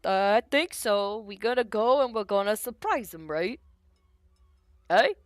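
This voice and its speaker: Woman playing a big lunk of a bandit: gruff, thick-voiced, dopey. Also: medium pitch, animated, no echo, clean studio sound, pitched above the performer's own voice, natural voice. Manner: slow-witted, dopey.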